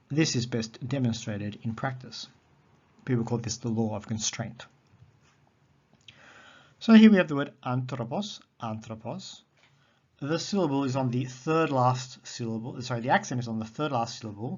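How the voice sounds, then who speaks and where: Methodical male teacher, muffled recording. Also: medium pitch. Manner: methodical, repeats key terms slowly. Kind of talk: recorded lesson on Greek accents.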